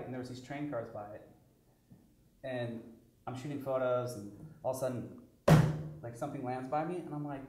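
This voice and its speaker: A man's voice: mid-range voice, steady tone, a little fast, long pauses, background noise. A man who is a photographer, telling a story in a laid-back, rambling way on a talk show. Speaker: photographer guest. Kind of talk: casual storytelling chat. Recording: roomy echo.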